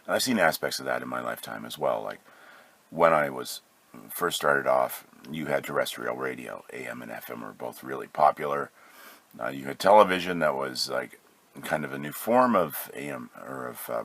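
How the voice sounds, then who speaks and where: A man's voice: a bass voice, moderate pace, creaky, a bit bright, slightly rough, dry recording. A man hosting a solo podcast from home with a sick voice, talking loosely with many fillers and self-corrections. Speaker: podcast host. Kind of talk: casual solo podcast monologue.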